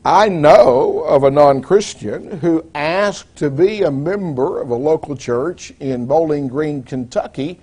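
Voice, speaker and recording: A man preaching a sermon in a measured, deliberate way, posing rhetorical questions to the congregation. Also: on the high side, darkish tone, slightly rough.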